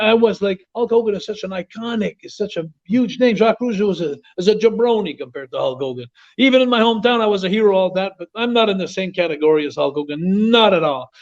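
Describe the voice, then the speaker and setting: A man tells a story as an interview guest, in a fairly high voice. He is animated and often stumbles over repeated words. The audio sounds dull and lo-fi. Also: fast talker, few pauses. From Quebec, Canada. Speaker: interview guest, former wrestler.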